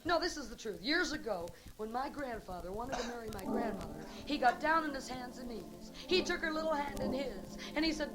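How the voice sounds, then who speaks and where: Live in a club over a loud crowd, a middle-aged woman does stand-up, working the audience with bawdy jokes in a brassy, teasing way. Her voice is high and expressive, and she talks a little fast.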